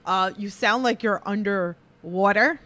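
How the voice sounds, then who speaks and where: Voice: medium pitch, measured pace, sharp tone. Upbeat live-stream host.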